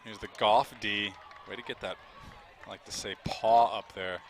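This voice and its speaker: A man doing live play-by-play commentary, chatty and quick to laugh, with an outdoor crowd behind him. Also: fairly low pitch, steady tone, a little hiss or hum.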